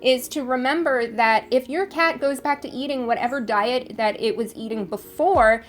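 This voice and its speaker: Bright-voiced woman vlogger explaining to camera. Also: on the high side, moderate pace. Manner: friendly, direct explaining. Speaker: cat care vlogger. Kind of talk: casual talk to camera.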